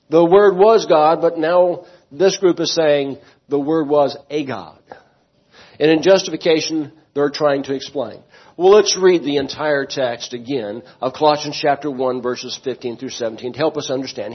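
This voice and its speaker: Guy preaching in church, kinda high voice, keeps quizzing the congregation, muffled old recording. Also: normal speed, breathy edge. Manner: emphatic preaching, asks the congregation questions. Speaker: pastor. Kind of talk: sermon.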